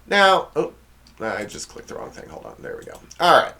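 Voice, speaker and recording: A man's voice: fairly high pitch, big pitch swings, moderate pace, vocal fry, bright, forceful tone. A man hosting a comedic monologue, sarcastic and exasperated, often stumbling over his words. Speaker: comedy show host.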